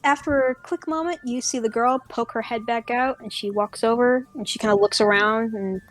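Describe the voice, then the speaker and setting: A woman's voice: on the high side, fairly even intonation, moderate pace. Young woman game master, casual chatty narration, faint music underneath. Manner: casual, filler-heavy narration.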